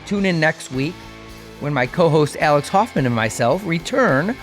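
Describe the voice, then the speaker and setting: A man's voice: fairly high pitch, animated, moderate pace, faint music behind. A podcast host, a man, wrapping up the show with a light joke and a call to follow. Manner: light, joking sign-off. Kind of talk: show outro.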